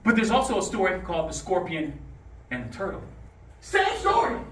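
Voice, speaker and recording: A man giving a motivational talk to high school students, drawing answers from the room and telling stories, recorded in a roomy classroom away from the mic. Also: fast talker, distant mic. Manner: animated, calls for answers, storytelling. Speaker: motivational speaker.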